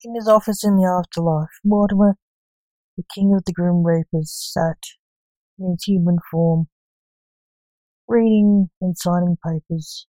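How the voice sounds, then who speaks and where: A woman narrating a spooky fantasy story in a measured, even reading. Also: on the low side, no room sound, rough recording.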